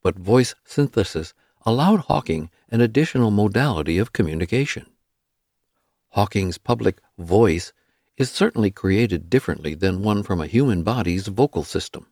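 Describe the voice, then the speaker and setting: A man giving a scripted nonfiction narration in a measured, even reading style that slows down on quoted words. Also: lowish voice, no room sound, studio quality. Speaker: audiobook narrator.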